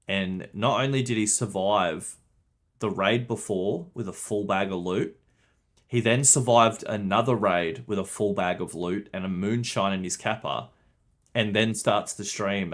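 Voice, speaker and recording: A young man streaming a game, chatting casually with his viewers, swearing and laughing often. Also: fairly low pitch. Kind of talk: casual livestream commentary.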